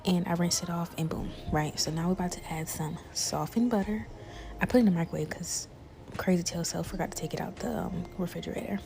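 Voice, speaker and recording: A woman's voice: fairly low pitch, fairly even intonation, quick pace, gravelly, darkish tone, a little hiss or hum. A young woman, chatting casually to her viewers as she cooks, calling them y'all. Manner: chatty, talks straight to viewers, calls them y'all and besties. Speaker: cooking creator. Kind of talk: casual cooking vlog chat.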